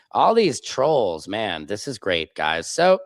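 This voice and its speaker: A man's voice: on the low side, huge pitch swings, slow, a loud crowd. A man in his forties from Missouri, hosting a casual live stream and trading sarcastic banter with viewers in chat. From Missouri, USA. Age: 40s.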